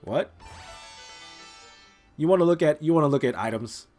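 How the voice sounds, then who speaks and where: A man's voice: a little high, animated, moderate pace, darkish tone, faint music behind. Rambling, casual gaming commentator man. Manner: rambling, full of "like" and "you know". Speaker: let's play host.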